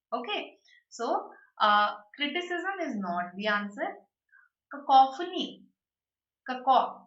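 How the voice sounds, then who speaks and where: A woman teaching vocabulary in a live online class, lively and explanatory, often checking in with "right?" and "okay". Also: medium pitch, reverberant, far from the mic, highs cut off. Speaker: online exam-prep teacher.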